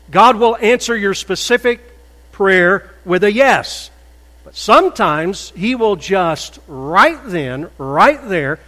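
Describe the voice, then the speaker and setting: A man preaching a sermon as a pastor, measured and deliberate, rising to loud emphatic peaks. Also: high voice. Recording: echoey hall with faint mains hum.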